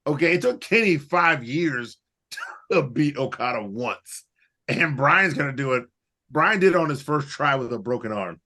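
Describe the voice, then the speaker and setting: A man co-hosting a podcast in casual chat, animated and profane, rambling through his points. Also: mid-range voice, a little slow. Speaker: podcast co-host.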